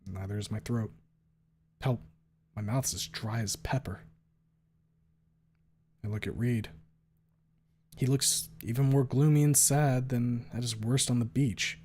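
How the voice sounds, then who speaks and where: A man reading a first-person story aloud on a stream. His narration stays quiet and subdued. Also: medium pitch, steady tone, unhurried, long pauses, a little hiss or hum.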